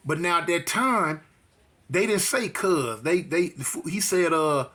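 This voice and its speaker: Raspy dude telling a street story, high bright voice, goes up and down a lot, does the punch sounds. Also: male voice, lively intonation, measured pace. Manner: acts out voices and fight sounds, slangy.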